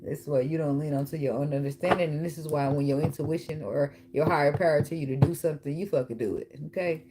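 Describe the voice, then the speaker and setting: Low-voiced, blunt and profane woman tarot reader. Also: fast talker, very noisy. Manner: blunt, profane and teasing, with frequent laughs. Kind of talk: casual tarot reading.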